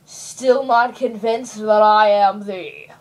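A woman playing a pushy, self-praising male lawyer, giving a slow, drawn-out sales pitch in a homemade parody ad. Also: steady tone, poor audio. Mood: boastful.

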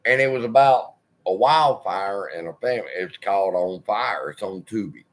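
A man's voice: on the low side, expressive, moderate pace. A man hosting his own channel, delivering a heated personal rant full of swearing. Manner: profane, heated ranting. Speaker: channel host.

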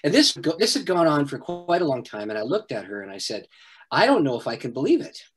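A middle-aged man, a pastor, telling a personal story in an interview, animated and often laughing. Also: on the high side, fairly quick, soft background music. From Canada.

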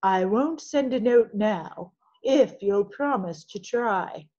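Strict schoolteacher woman voiced by a woman reader, brisk, grumbling, muffled lo-fi sound. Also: mid-range voice, expressive, mellow. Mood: coaxing. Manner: brisk, grumbling when annoyed. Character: stern elementary teacher, middle-aged woman.

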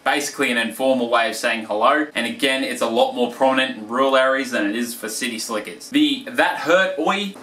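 A man's voice: medium pitch, brisk, natural voice. Man doing a laid-back Australian bloke. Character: impression of a male Australian fighter, laid-back. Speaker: comedic presenter. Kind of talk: mock instructional comedy sketch. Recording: echoey room, distant mic, faint hiss.

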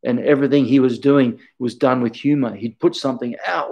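Earnest man with a mellow voice. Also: medium pitch, a little fast, creaky, husky, low-quality recording. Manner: earnest, reflective storytelling. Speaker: karate instructor. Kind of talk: casual talk in an interview.

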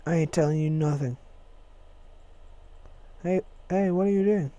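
A man voicing a frightened male captive who begs loudly in a high, panicky voice. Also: a little slow, dry recording, lightly acted. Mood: panicked. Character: frightened male captive begging for his life.

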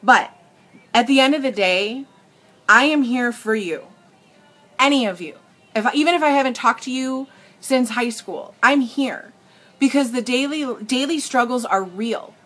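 A woman's voice: on the high side, a little slow, fairly bright tone. A young adult woman chatting emotionally to viewers on a live stream, earnest, often restarting her sentences. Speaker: makeup seller on a live stream. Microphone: tablet.

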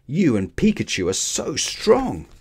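A man voicing a lively, enthusiastic schoolgirl in a storybook read-aloud. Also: fairly low pitch, takes it slowly. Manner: enthusiastic, insistent.

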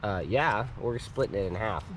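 A man's voice: fairly low pitch, expressive, moderate pace, a crowd in the background. A man hosting a camping vlog, talking casually and playfully, cooing at a baby goat in a tent at an island campsite. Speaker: vlog host.

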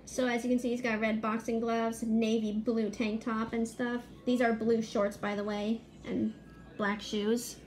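Woman vlogger, excited and chatty, slightly high voice, casual walk-through of her artwork. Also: measured pace, soft background music. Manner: chatty and excited, listing details. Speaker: fan artist presenting her drawings. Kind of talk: casual video narration.

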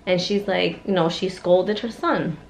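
A young adult woman and family vlogger telling a story in a chatty, animated way, full of fillers. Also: on the low side, a little slow, gravelly, slight background noise. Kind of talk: casual vlog chat.

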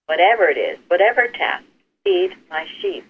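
A man leading an informal Bible study discussion, speaking earnestly and encouragingly, sometimes trailing off softly. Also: high-pitched, wildly swooping pitch, normal speed, gravelly, slightly rough. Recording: tinny phone line with faint hiss.

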